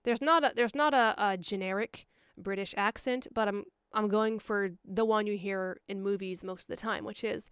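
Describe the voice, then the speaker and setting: Woman chatting on a livestream about her dub projects, super clear voice, kinda hoarse, dry close sound, lots of ums. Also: mid-range voice, moderate pace, fairly bright tone, no room sound. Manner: rambling, with frequent ums and asides. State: slightly hoarse. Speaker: fan comic dub producer and director. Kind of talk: casual livestream channel update.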